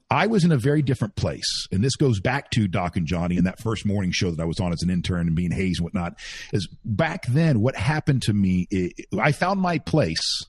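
A man who used to work in radio, talking in a casual podcast chat, telling animated stories and mimicking announcer voices. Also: fairly low pitch, slightly rough, no echo. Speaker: former radio host.

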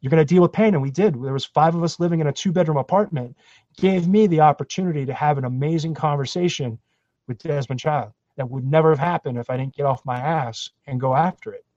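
A man from Florida telling his career story in a podcast interview, animated and self-deprecating. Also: a little high, quick pace, dry recording, highs cut off. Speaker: guest, actor.

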